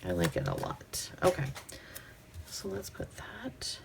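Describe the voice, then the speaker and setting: Her low voice swoops wildly in pitch and carries vocal fry as she unhurriedly chats through a crafting vlog against a noisy background. The host, from the Pacific Northwest, talks to herself and her audience while working and sometimes drops to soft whispers.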